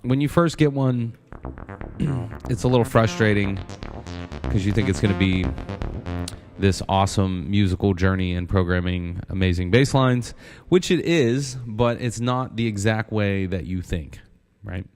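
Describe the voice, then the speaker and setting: A man's voice: on the low side, normal speed, darkish tone, faint music behind. A man giving a casual synth tutorial, counting steps aloud and often asking "right?". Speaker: synth instructor.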